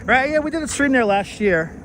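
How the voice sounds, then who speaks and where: A man's voice: extremely high pitch, animated, a little fast, a bit bright, a little hiss or hum. A man hosting a casual outdoor live stream while walking, reading out and thanking viewers' comments, recorded on a wireless clip-on mic. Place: outdoors on city streets and in a park.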